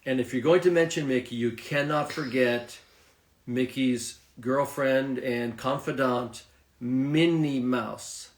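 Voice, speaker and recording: Male co-host, steady and calm, models words clearly for learners; echoey room. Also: medium pitch, slow. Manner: calm, steady, says each word clearly on request. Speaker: co-host introducing vocabulary. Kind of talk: casual lesson, reading word list.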